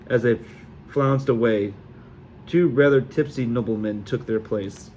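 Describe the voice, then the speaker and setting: A man narrating a novel aloud in a steady reading voice with occasional small slips. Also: medium pitch, measured pace, a little hiss or hum. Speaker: audiobook reader. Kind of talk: amateur audiobook narration.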